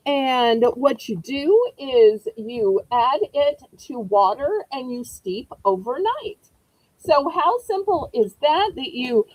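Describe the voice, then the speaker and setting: Lively Southern woman hosting an auction. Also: high-pitched, dry recording, rough recording. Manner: chatty, folksy, greets viewers by name. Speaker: live auction host. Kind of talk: live-stream auction selling.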